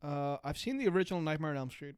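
A man's voice: a little high, animated, racing, smooth, no echo, studio quality. A young man co-hosting a podcast, chatting in a rambling, joking way and swearing freely. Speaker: podcast co-host. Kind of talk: casual chat.

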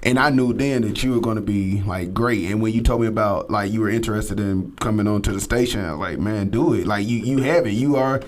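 A man's voice: lowish voice, brisk, hardly any pauses. A man co-hosting a radio show, speaking earnestly and casually with many restarts. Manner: earnest, warm praise, rambling restarts. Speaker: radio co-host.

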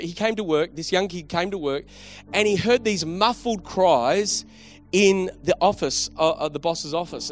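High-voiced male preacher, storytelling. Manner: storytelling, rising to emphatic exhortation. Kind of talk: sermon.

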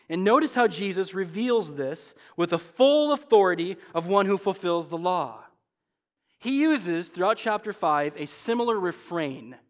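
A male pastor preaches an emphatic sermon, swinging between loud stresses and low asides. He slows sharply whenever he returns to repeated refrains.

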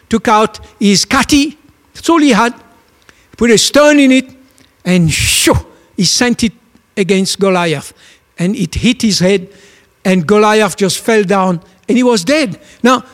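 A man's voice: sits high, in a large hall. A man preaching a sermon, telling a story emphatically and asking his listeners questions.

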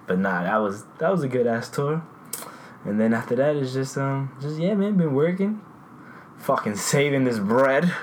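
A young man in loose, casual conversation, full of slang and easy laughter. His pitch swings widely as he tells stories. A faint hiss sits under the recording. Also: animated, moderate pace. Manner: slangy, laid-back, laughs often. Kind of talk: casual chat.

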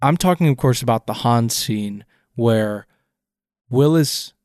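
A man's voice: medium pitch, slow, a little mellow, clean tone, no room sound. Man, podcast co-host, enthusiastic, rambling, dry close sound. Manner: enthusiastic, rambling analysis with many restarts. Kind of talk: casual film discussion.

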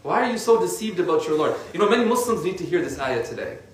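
Guy giving a chill sermon, kinda high voice, super echoey room, mic far off. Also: animated, fast. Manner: conversational, uses casual fillers. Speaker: religious speaker. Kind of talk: informal sermon.

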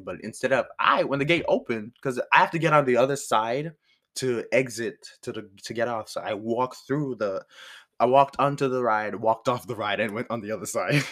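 A young man casually telling a personal story, animated, laughing often and swearing freely. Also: mid-range voice. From outside the United States.

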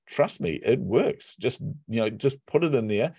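A man who coaches business and marketing, chatting as a podcast guest from his office, telling animated stories and laughing often. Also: medium pitch, a little slow, husky, no echo. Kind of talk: casual podcast conversation.

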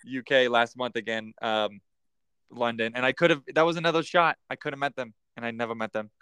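A man's voice: mid-range voice, steady tone, fairly quick, sharp tone, clear, resonant tone, dry recording. A man hosting a casual podcast chat, joking and laughing often. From United States. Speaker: podcast host.

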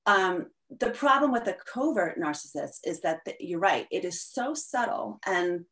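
A woman guest in a conversational interview, explaining at length in an animated way with frequent fillers. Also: medium pitch, moderate pace.

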